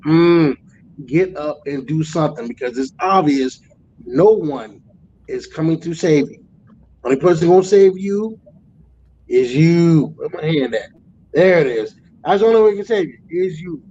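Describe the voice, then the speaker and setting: Man in his forties, truck driver, profane animated storyteller, slightly high pitch, dull sound. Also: slight background noise. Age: 40s. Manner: profane, animated storytelling with loud acted outbursts. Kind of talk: casual storytelling chat.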